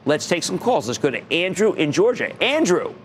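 A middle-aged man hosts a finance TV show with theatrical, emphatic energy. His voice sits fairly high and leaps around dramatically as he punches key words. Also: very animated, normal speed, slight background noise. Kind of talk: animated market commentary.

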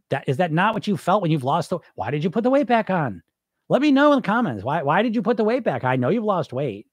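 A man's voice: high voice, big pitch swings, fast, slightly rough, no room sound, clean studio sound. A man hosting a weight loss podcast, talking bluntly and emphatically, often laughing and mimicking what dieters say. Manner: blunt and emphatic, with frequent laughs and mock-quoted voices. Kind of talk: casual podcast monologue.

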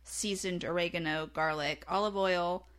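A woman with a Southern US accent, co-hosting a casual podcast chat, chatty and quick to laugh. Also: fairly low pitch. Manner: chatty, laughs easily, lively. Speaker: podcast co-host.

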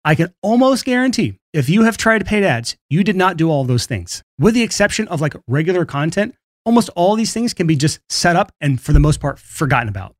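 Fast-talking male podcast host. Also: high voice, big pitch swings, no room sound, clean studio sound. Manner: brisk, casual, laughs between points. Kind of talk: solo podcast monologue on marketing.

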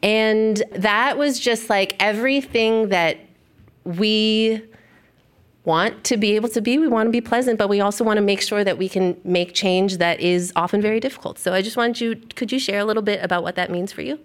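A woman's voice: mid-range voice, normal speed, smooth. Gushing woman co-host on stage. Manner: enthusiastic, gushing. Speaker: podcast co-host. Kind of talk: live stage conversation. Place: stage before a live audience.

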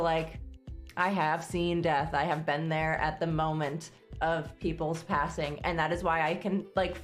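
Woman co-host, lowish voice, earnest and chatty, loose casual delivery. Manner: chatty, earnest, full of fillers. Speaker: podcast co-host. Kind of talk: casual chat.

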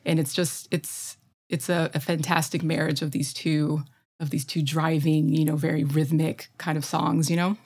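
Midwestern woman co-host, lower register, eager and talkative. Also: flat delivery, moderate pace, a little mellow, husky. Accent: Midwestern American. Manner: enthusiastic, chatty, many fillers. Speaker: podcast co-host. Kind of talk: casual music chat.

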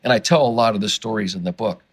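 A man, an author and guest on a podcast interview, who gets excited and worked up as he talks, often restarting his sentences. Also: fairly low pitch, fast, slightly rough.

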